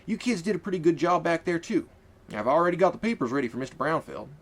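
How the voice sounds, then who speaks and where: A man plays a hearty middle-aged colonel with a folksy drawl. His voice is pitched up and bounces around. It is an audiobook character voice, cheerful and plain-spoken. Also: very animated, quick pace.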